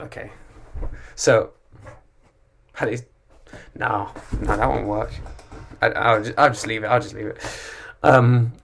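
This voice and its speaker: A young man reading stand-up jokes for his channel, giggling and stopping to redo bits. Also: mid-range voice. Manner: giggly, self-interrupting, restarts bits. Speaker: beginner YouTuber doing stand-up. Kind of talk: casual stand-up reading with asides.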